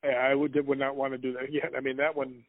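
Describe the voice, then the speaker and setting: His mid-range voice is flat in delivery and quick in pace as he tells long, meandering stories as an interviewed guest author, laughing now and then. The line sounds phone-like and dry, without echo.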